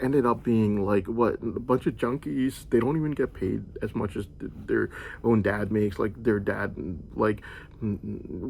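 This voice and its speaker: Creaky-voiced young man rambling on. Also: medium pitch. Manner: meandering storytelling, heavy use of "like". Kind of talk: rambling personal monologue.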